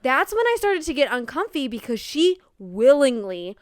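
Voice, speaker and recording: Chatting casually about a movie on the podcast she co-hosts, a young woman laughs, swears offhandedly and stays animated throughout. Her high voice has a sing-song lilt at a moderate pace, recorded cleanly in a studio with no echo.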